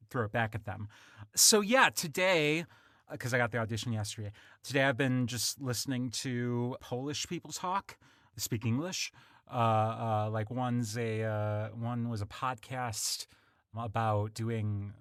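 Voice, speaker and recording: A man's voice: mid-range voice, fairly bright tone, dry recording, clean studio sound. A man hosting a casual podcast chat, talking in a hesitant way with many ums and uhs. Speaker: podcast host.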